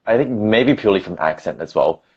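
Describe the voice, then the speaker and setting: A man with an Australian accent hosting an interview, relaxed and encouraging. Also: sits low, brisk, breathy edge, dull audio. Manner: relaxed, encouraging, laughs easily. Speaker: host. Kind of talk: casual interview chat.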